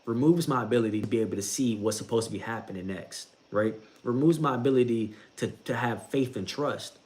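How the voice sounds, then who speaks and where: A man's voice: medium pitch, a little fast, darkish tone. A young man giving a casual talk about faith, repeating himself a lot and calling the listener bro. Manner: repetitive, conversational, says bro a lot, laughs at own jokes. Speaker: bible reading streamer.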